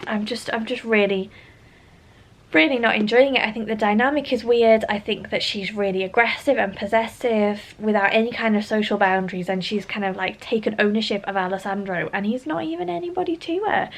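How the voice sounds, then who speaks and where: A woman's voice: mid-range voice, fairly quick. A middle-aged British woman chatting candidly and with exasperation as she reviews a book, filmed on a phone. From United Kingdom. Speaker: book vlogger. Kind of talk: casual chat, book review. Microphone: phone camera.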